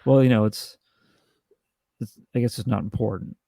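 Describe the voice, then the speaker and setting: A man co-hosting a podcast, chatting casually about a movie with halting restarts and dry jokes. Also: mid-range voice, vocal fry, dark tone, slightly rough, no room sound. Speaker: podcast co-host. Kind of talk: casual film review chat.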